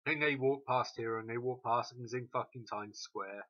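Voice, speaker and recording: Animated, sarcastic male ranter, bright tone, dull recording. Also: mid-range voice, normal speed. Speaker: recap host. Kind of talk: profane comedic recap rant.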